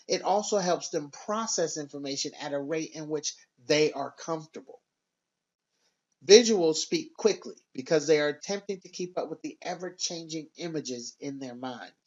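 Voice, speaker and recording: A man giving a scripted sales training narration in an instructive, measured and emphatic way. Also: on the high side, muffled recording.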